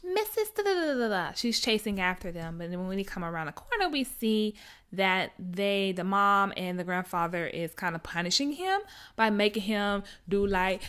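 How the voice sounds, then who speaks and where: A young woman chatting casually through a TV episode recap, animated and acting out the characters' lines as she goes. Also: medium pitch, clear, resonant tone. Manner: animated storyteller who acts out character lines. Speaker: TV recap vlogger.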